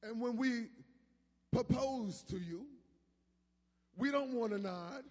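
A man with a high, husky voice preaches. He moves between low, quiet asides and shouted peaks, and his voice rings with a long reverb from a church sanctuary. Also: takes it slowly. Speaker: pastor. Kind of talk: sermon.

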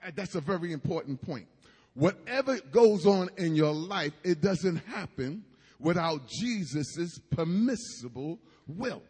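A man's voice: high-pitched, breathy edge, long reverb tail. A man preaching a sermon with emphatic cadence and asides to the congregation.

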